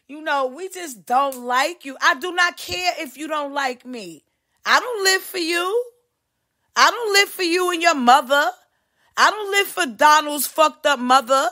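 High, bright-voiced woman ranting. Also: expressive, measured pace. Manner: heated, profane, emphatic, with big swings in pitch. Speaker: podcast host. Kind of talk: ranting monologue.

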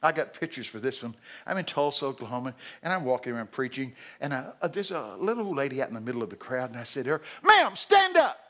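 An older man preaching a sermon, telling folksy stories and shouting out the voices of people in them. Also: medium pitch, expressive, quick pace. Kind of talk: storytelling sermon. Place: large church hall.

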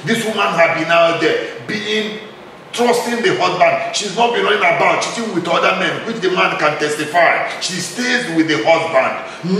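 A man's voice: sits high, moderate pace, pushed and bright. Fervent Nigerian man in an echoey room. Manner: fervent, repetitive, rising to emphatic outbursts. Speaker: charity founder interviewing a couple. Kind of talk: impassioned preacher-like address. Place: his own house. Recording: very echoey room, mic far off, faint noise.

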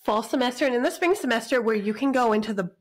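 A woman's voice: a little high, fast. A young woman from Southern California, a guest adding details to her husband's story in casual chat. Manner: chiming in, filling in details.

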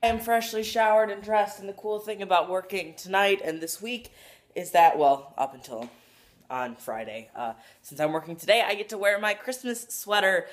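A young woman chatting casually in a home vlog, gushing with excitement as she talks to the camera. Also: mid-range voice, normal speed. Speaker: vlogger. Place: home, indoors.

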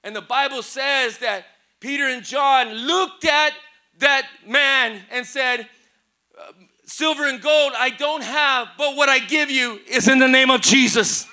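A middle-aged man with a Southern Californian accent preaching a sermon as pastor, building to shouted emphasis with repeated phrases. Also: very high voice, a little slow. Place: church sanctuary.

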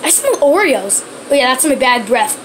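A woman's voice: sits high, big pitch swings, normal speed, a little hiss or hum. A woman voicing a goofy plush Bert puppet, a grown male who keeps burping, fumbling through ums and restarts.

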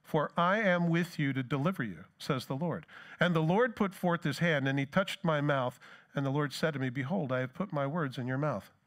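A man's voice: a little high, normal speed, fairly bright tone. A middle-aged man preaching a sermon as pastor, in a conversational way, with rhetorical questions and plain asides.

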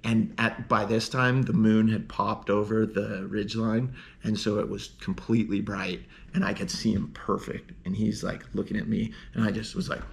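A man, a snowboarder, telling a personal story in an earnest, rambling way, full of "like" and restarts, and ending with warm encouragement. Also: on the low side, flat delivery, moderate pace, vocal fry, few pauses. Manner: heartfelt, encouraging. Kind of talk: casual storytelling monologue.

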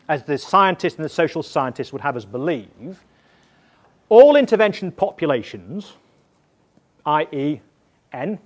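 A man, an evaluation expert, explaining methods to practitioners in a deliberate, emphatic way, often checking in with his listeners. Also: a little high. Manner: emphatic, repeats points and checks in with "yeah?".

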